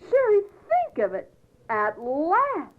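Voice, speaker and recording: A woman's voice: sits high, wildly swooping pitch, takes it slowly, phone-quality sound, exaggerated voice. Woman reading a swooning, gushing stage actress. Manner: breathless, swooning, effusive. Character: gushing, theatrical female actress in love. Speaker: amateur reader performing a comedy play. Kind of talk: read-aloud play scene.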